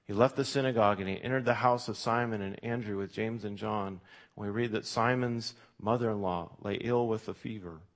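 A man's voice: fairly low pitch, steady tone, fairly quick. A male pastor preaching a sermon in a conversational way, with frequent fillers and restarts, reading scripture aloud with extra emphasis.

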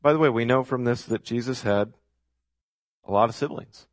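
A man's voice: mid-range voice, normal speed, dry recording. Emphatic male preacher, dry close sound. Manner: emphatic, repeats key phrases for effect. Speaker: pastor. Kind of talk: sermon.

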